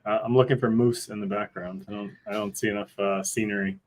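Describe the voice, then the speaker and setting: A male guest on a live show, giving dry, short deadpan replies in casual chat. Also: on the low side, fast talker, low-quality recording.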